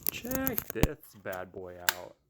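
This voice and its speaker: A man chatting casually while he paints, gushing with excited exclamations and making self-deprecating asides. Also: low-pitched, slow pace, background noise. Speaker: paint-pouring channel host.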